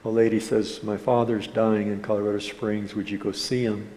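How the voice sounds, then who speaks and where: A man's voice: fairly low pitch, level tone, moderate pace, warm tone. A man preaching as a pastor, telling a story in an earnest way and acting out the people in it. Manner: earnest storytelling, quoting others in dialogue. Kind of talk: sermon with a storytelling anecdote. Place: church hall. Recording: hall reverb with faint room noise.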